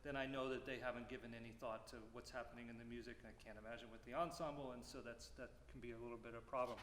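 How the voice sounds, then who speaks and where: A man teaching a music clinic, explaining phrasing and singing rhythms aloud with lively syllables. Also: medium pitch, very fast. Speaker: percussion clinician. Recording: roomy hall reverb, faint noise.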